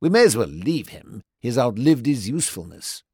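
A man voicing a cool, clipped gentleman detective who speaks curtly and reprovingly. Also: mid-range voice, big pitch swings, husky, dry recording, studio quality. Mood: cold. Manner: curt, brisk and reproving.

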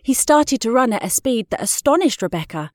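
A woman reading children's stories aloud in an expressive, measured way. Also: fairly high pitch, no echo, studio quality. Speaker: storyteller. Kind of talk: storybook reading.

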